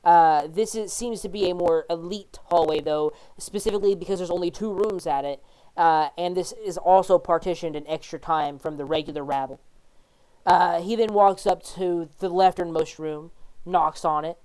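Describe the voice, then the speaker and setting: A woman game master with a smooth, clear voice, sitting rather low. She narrates casually, full of fillers and restarts. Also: moderate pace, warm tone.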